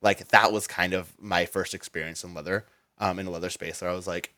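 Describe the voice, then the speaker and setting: A man's voice: low voice, steady tone, fairly quick, pushed and bright, dry recording. A man telling a long story as a guest in an interview, rambling with lots of "like" and restarts.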